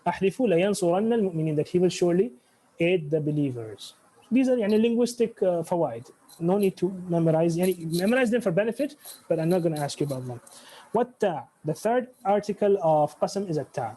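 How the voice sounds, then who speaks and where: Man, teacher, deliberate classroom lecture, high-pitched, mellow dark tone. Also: poor audio. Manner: deliberate, explains Arabic grammar terms step by step. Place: live class with students.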